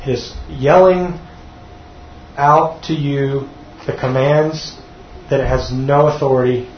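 A man's voice: mid-range voice, fairly even intonation, slow pace. Man, sermon teaching, earnest, repeats himself, echoey church room, faint noise. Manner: earnest, repeats words when restarting. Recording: dull echoey room recording.

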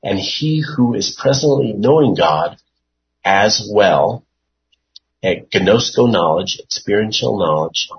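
Slow, low-voiced man teaching scripture. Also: animated, highs cut off. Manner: unhurried, thinking aloud with many fillers and restarts. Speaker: Bible study teacher. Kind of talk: informal Bible study teaching.

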